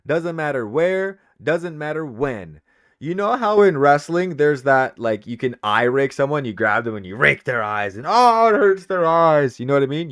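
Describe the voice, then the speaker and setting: A man streaming live, excitedly commenting on old footage and laughing often. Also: medium pitch, dry recording, clean studio sound. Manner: excitable, laughs a lot, loud.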